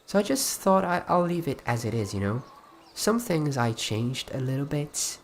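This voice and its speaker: A man's voice: medium pitch, big pitch swings, normal speed, slight background noise. Chatty man rambling on a livestream. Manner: rambling, chatty, frequent restarts. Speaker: livestream host. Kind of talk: casual livestream chat.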